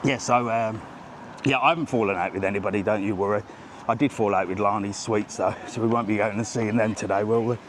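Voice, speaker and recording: Fairly quick and low-pitched, the man's voice stays fairly even in intonation, with a little hiss or hum underneath. He's hosting a live walking travel vlog along a seaside street, shot on a handheld phone, bantering with and greeting passersby.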